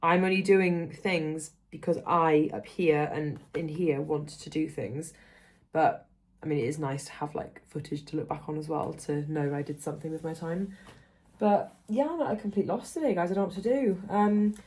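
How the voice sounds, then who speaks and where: A woman's voice: low-pitched, normal speed, darkish tone. A young woman with a sore throat, rambling casually in a chatty vlog. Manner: rambling, chatty, many fillers. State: sore throat from hay fever. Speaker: vlogger. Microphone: phone held by hand.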